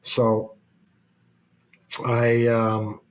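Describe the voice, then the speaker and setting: A man's voice: medium pitch, completely flat delivery, very slow. A man, a former hockey player, telling a long casual anecdote in an interview, with restarts and the odd swear word.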